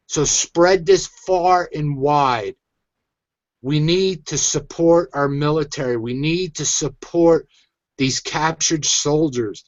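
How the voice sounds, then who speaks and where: A man's voice: on the high side, slow pace, dry recording, muffled recording. A man hosting his own online show, venting in an agitated, emphatic rant. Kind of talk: angry ranting commentary.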